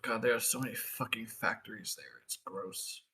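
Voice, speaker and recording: A man's voice: lowish voice, expressive, moderate pace, bright, forceful tone, slightly rough. A man chatting with friends before a tabletop game session, laughing often.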